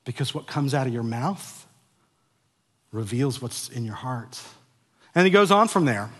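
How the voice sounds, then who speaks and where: A pastor in his forties preaching a sermon, moving from a quiet, confessional personal story to loud, emphatic exhortation, with frequent stumbles and repeated words. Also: medium pitch, expressive, measured pace, husky. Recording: long reverb of a large hall.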